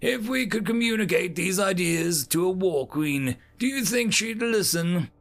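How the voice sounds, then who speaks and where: A man voicing a blunt, proud male alien soldier who talks in a gruff, clipped military way. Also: high voice, lively intonation, unhurried, fairly bright tone, pitched above the performer's own voice, exaggerated voice.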